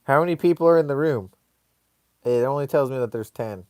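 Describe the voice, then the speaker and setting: A man's voice: medium pitch, a little fast, a little mellow, clean tone, dry recording, clean studio sound. A man hosting a casual live stream, rambling in a laid-back way and reading viewer comments aloud.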